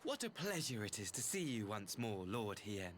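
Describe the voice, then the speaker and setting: An actor playing a smug, scheming male ambassador in a game, smooth and falsely courteous. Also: lowish voice, big pitch swings, normal speed, a little hiss or hum. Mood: mock-polite.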